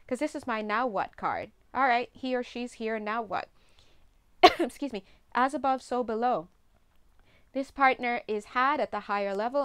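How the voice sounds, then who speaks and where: A woman's voice: fairly high pitch, smooth. A woman giving a chatty, casual tarot reading, laughing often. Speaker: tarot reader.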